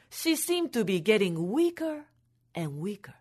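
Slow, animated woman storyteller. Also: mid-range voice, breathy edge. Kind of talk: telling a folk tale to families.

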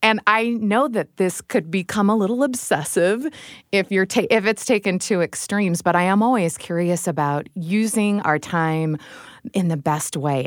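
Chatty woman host, low voice, dry sound. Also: no room sound. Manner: chatty, self-deprecating, laughs easily. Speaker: podcast host. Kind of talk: casual chat.

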